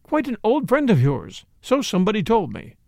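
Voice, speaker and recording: A man's voice: high voice, huge pitch swings, moderate pace, vocal fry, a little mellow, no echo, studio quality, pitched above the performer's own voice, heavily acted. A man voicing a nosy, knowing middle-aged spinster who talks insistently and mysteriously. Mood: prying.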